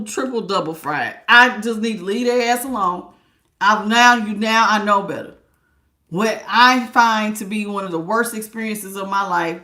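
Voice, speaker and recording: Animated, laughing woman tarot reader. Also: medium pitch, reverberant. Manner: animated, laughing, slangy and blunt. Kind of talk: casual spiritual reading.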